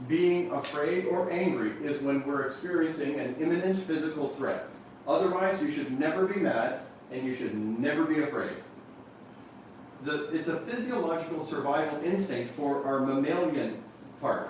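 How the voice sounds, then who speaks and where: A man leading a motivational workshop, lively and questioning his audience, often telling them to write points down. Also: a little high, a little hiss or hum. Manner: animated, questions the audience, repeats instructions. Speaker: seminar speaker. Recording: echoey room from far off.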